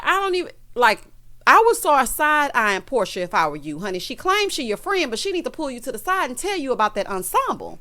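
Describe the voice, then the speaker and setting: A woman's voice: on the high side, fairly quick. A woman hosting a casual TV recap, sassy and dramatic, calling her viewers honey and child as she tells the story. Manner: lively storyteller, acts out quotes. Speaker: show recap host.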